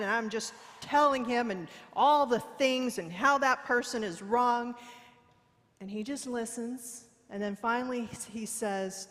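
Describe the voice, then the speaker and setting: Woman preacher, sermon, fairly high voice, unhurried, candid and self-mocking, long hall reverb. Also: a bit bright. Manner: candid storytelling with playful self-mockery. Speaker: guest preacher. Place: church sanctuary.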